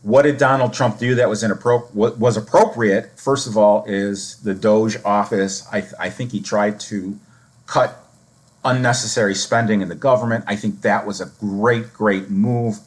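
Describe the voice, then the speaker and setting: A man with a lowish voice hosts a podcast and talks through a book. He gives his opinions at length, stopping now and then to restart a word. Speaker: podcast host. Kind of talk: commentary on a book.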